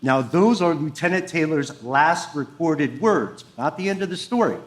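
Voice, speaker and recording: Man, podcast co-host, live storytelling, building suspense, fairly high voice, roomy hall. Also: lively intonation, normal speed. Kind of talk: storytelling before a live audience.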